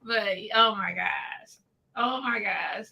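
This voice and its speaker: A woman, hosting a casual chat and telling stories in a lively, slangy way. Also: mid-range voice, slow pace, creaky, slightly rough, dull audio. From Detroit. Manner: animated storyteller, slangy and laughing. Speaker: host.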